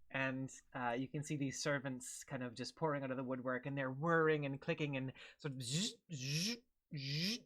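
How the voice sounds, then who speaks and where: A man's voice: fairly high pitch, a bit bright. A man narrating as game master of a tabletop game, describing scenes in a meandering way with many fillers.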